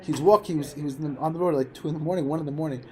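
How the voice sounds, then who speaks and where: A man's voice: on the high side, very fast, dark tone. A man giving an informal Torah class, telling stories and repeating phrases for emphasis. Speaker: Torah teacher.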